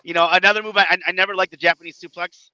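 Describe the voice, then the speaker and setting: A man in his thirties with a Chicago-area accent, a wrestler telling stories on a podcast in an animated way, acting out other people in loud bursts and swearing freely. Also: sits high, racing. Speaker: independent wrestler, podcast guest. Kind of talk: casual storytelling chat. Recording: dull lo-fi podcast audio.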